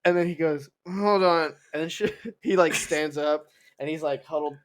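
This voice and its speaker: A man's voice: fairly high pitch, normal speed, a little hiss or hum. A young man co-hosting a casual comedy podcast, riffing playfully on the stories with quoted voices. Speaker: podcast co-host.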